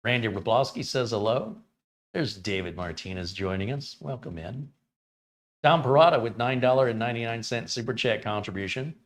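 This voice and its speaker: An American man hosting a live tech stream, running benchmarks and chatting casually with viewers in a relaxed way. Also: medium pitch, moderate pace. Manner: relaxed, chatty, reads chat names aloud. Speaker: tech channel host. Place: home studio.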